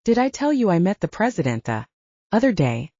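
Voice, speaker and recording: A woman's voice: mid-range voice, very animated, fairly quick, warm tone, no echo, highs cut off. A woman narrator voicing a blunt, bubbly, teasing young woman as the best friend in an audiobook. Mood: playful.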